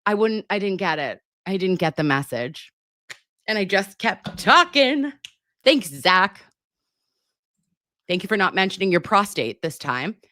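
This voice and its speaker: Chatty nurse streamer, lowish dry voice. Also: female voice, animated, moderate pace, a bit bright, no echo. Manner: chatty, giggly, flustered, calls viewers babe. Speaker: nurse streamer hosting a live chat. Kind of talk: casual livestream chat reading comments. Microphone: computer mic.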